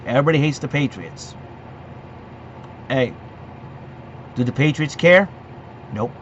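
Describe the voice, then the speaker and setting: A man's voice: mid-range voice, lively intonation, measured pace, pauses often. A man hosting a solo sports show, ranting in a combative, repetitive way and speaking straight to rival fans. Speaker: sports podcast host. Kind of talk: opinionated solo sports rant. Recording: dull lo-fi recording with faint hum.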